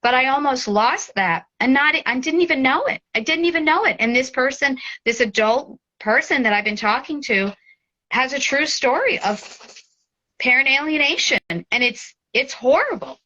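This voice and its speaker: A woman in her forties speaking as an interview guest, heartfelt and tearful, often halting and restarting. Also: high voice, lively intonation, pushed and bright, lo-fi sound. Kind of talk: emotional interview.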